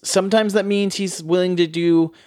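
A man co-hosting a podcast, explaining his take on an author's habits in a thoughtful, measured way. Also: high-pitched, fairly even intonation, a little mellow, no echo, studio quality. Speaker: podcast co-host. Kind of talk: casual book-club chat.

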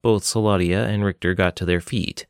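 A man narrating an audiobook with an expressive reading. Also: deep voice, moderate pace, clean tone, no echo, clean studio sound.

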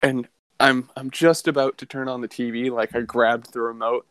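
A man's voice: mid-range voice, level tone, normal speed, a bit bright, smooth, no echo. A man co-hosting a podcast, telling a long story casually in a rambling, laid-back way, swearing often. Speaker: podcast co-host.

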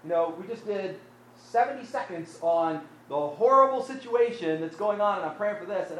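A male pastor giving a conversational sermon, often repeating words and asking rhetorical questions, his volume dropping from full to quiet. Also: high-pitched, expressive, moderate pace, slight background noise, rough recording.

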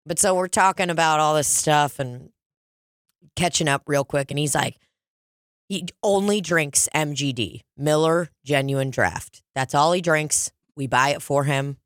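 Swearing, animated woman storyteller. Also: unhurried, dry recording, clean studio sound. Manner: animated, swears freely, mimics people in high excited voices. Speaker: podcast co-host. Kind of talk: casual storytelling chat.

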